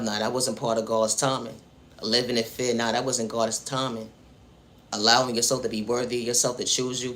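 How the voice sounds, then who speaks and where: A man's voice: medium pitch, fairly bright tone, slight background noise. A man delivering a preachy motivational monologue about faith and self-worth, speaking straight to the viewer and returning again and again to the same refrains. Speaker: spiritual vlogger.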